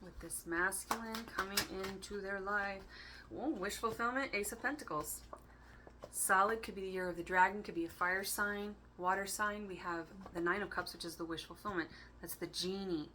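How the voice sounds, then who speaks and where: Chatty tarot lady, bright sharp voice, giggles a lot, faint room noise behind. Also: mid-range voice, steady tone, normal speed. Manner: rambling, free-associating. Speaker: tarot reader. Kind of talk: casual tarot reading.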